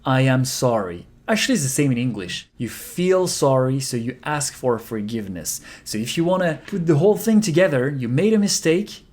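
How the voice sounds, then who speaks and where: A man from France with a French accent, a language coach who models each phrase slowly and repeats it before calmly explaining it. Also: mid-range voice. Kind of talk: language lesson to camera.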